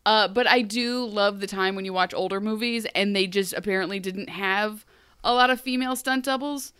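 This is a woman co-hosting a casual podcast recap, talking in a chatty, animated way. Her voice is bright and smooth, and the sound is close and dry with no room around it. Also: mid-range voice, moderate pace, no room sound. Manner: chatty, animated, acts out scenes in funny voices. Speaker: podcast co-host.

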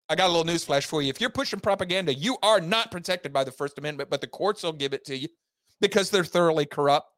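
A man's voice: on the high side, fast talker, fairly bright tone, dry recording, studio quality. A man hosting a podcast, delivering an angry, sarcastic political rant with heavy emphasis. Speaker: podcast host.

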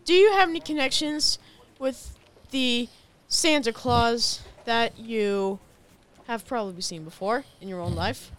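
A woman's voice: on the high side, a little slow, background noise. A woman reading out prepared facts in a comedy bit, giggling and stumbling over her words.

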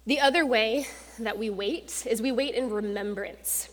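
A young woman with a fairly high voice preaches to a congregation, chatty and lively, throwing herself into the quotes she acts out. Her voice rings with the long reverb of a large church hall. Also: measured pace. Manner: conversational and animated, acts out quotes with rising intensity. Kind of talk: sermon.

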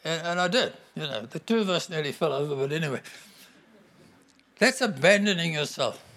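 A middle-aged man preaching a sermon to a congregation, emphatic and animated. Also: a little high, normal speed. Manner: animated, emphatic, bursts into acted-out quotes.

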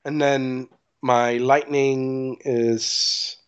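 A man's voice: medium pitch, very slow, smooth. A man playing in a tabletop game, chatting casually and calling out his rolls. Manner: relaxed, chatty, calls out rolls. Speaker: player.

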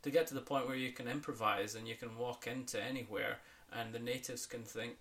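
A man's voice: medium pitch, steady tone, brisk, a bit bright. A man from Scotland who works as an accent coach, chatting in a podcast interview, talking loosely with many fillers and restarts and laughing often.

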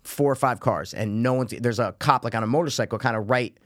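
A man telling a story in casual chat, profane and animated, loudly acting out what people said. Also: mid-range voice, quick pace, no room sound, studio quality. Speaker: podcast co-host telling a story.

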